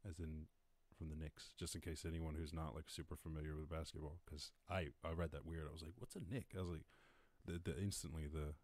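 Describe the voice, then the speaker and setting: A man's voice: very deep voice, little pitch movement, brisk, a little mellow, dry recording. A man with an Irish accent hosting a casual livestream, rambling, swearing and laughing at his own jokes. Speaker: podcast host.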